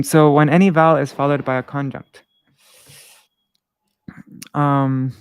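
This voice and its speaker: A man teaching Sanskrit verse meter in a casual live-streamed lesson, patient and halting, thinking aloud and chanting syllable patterns slowly. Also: mid-range voice, gravelly, clean tone, no echo, studio quality.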